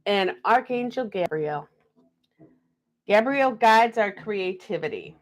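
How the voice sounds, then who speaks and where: A woman's voice: mid-range voice, lively intonation, slow. A woman hosting a live stream card reading, chatting and laughing between the messages she reads aloud. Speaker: card reader.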